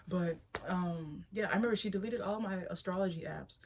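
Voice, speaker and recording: Speaking casually to camera, this young adult spiritual vlogger rambles with lots of energy, laughs often and keeps restarting sentences. She has a lowish voice at a normal speed, barely pausing, and the background is noisy.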